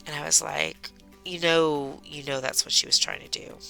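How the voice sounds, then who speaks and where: A woman's voice: low voice, fairly even intonation, moderate pace, vocal fry, sharp tone, soft background music. A middle-aged woman chatting casually while she crafts, telling a rambling story about her daughter as host of a craft livestream.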